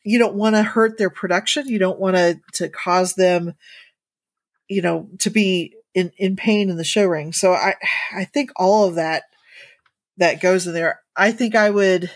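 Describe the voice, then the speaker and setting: A woman's voice: fairly low pitch, no room sound. Thoughtful woman chatting, dry sound. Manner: thoughtful, measured, hedging. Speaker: podcast co-host. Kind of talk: casual chat.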